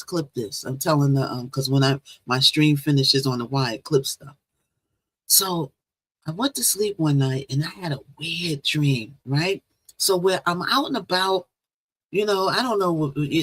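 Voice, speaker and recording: A woman sits low in pitch as she hosts her own livestream, rambling through a long dream story and greeting viewers along the way. The sound is dry with no room echo, picked up on a phone or laptop over Bluetooth.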